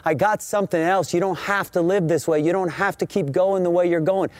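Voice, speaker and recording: A middle-aged man preaching from his own story, earnest and heartfelt, often circling back on the same words. His voice sits a little high for a man. The sound is close and dry, with almost no room echo. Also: brisk, a little mellow. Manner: earnest, emotional storytelling with repeated phrases. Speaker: senior pastor. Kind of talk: personal testimony sermon. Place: in a church sanctuary.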